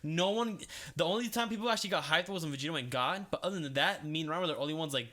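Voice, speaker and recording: A man's voice: fairly high pitch, very fast, pushed and bright. A young man co-hosting a casual podcast, giving blunt opinions with free swearing and frequent laughs. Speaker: podcast co-host. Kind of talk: casual chat.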